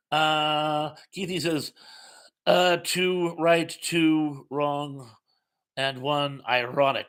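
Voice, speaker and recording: A middle-aged man with a bright, forceful voice pitched a little high hosts a relaxed live-stream trivia session. He reads questions and viewer comments in a chatty, self-mocking way. He laughs easily and trips over his own sentences. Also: slow, clean tone.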